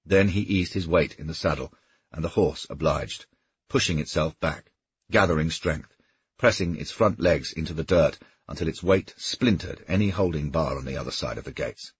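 Deep husky male audiobook narrator. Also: moderate pace, dry recording, lo-fi sound. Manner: steady storytelling. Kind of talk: scripted narration.

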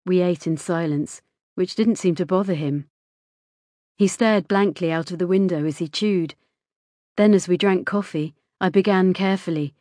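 A woman narrating a first-person story in a measured, quiet way. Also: fairly low pitch, no echo, studio quality. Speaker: audiobook narrator.

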